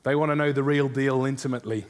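A man's voice: mid-range voice, fairly even intonation, fast talker. Earnest man preaching. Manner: earnest, asks the congregation rhetorical questions. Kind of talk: sermon.

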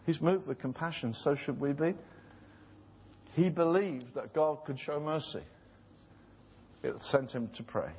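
A man's voice: fairly high pitch, unhurried, long pauses, darkish tone, slightly rough. A man preaching a sermon in a church, impassioned and pleading, acting out voices in retold scenes. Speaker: pastor.

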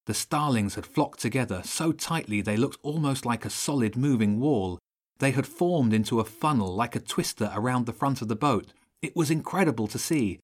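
A man's voice: mid-range voice, husky. Man narrating a children's audiobook. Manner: steady, measured storytelling.

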